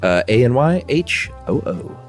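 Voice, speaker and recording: A man co-hosting a podcast in casual chat, tossing in dry, easygoing asides and quick agreement. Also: mid-range voice, sing-song, faint music behind. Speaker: podcast co-host.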